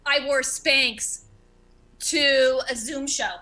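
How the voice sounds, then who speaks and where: Bright-voiced woman comic who stutters. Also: sits high, fairly even intonation, drawn-out words, rough recording. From America. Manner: stutters, self-deprecating. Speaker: stand-up comedian. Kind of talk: stand-up set on a video call. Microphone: video call.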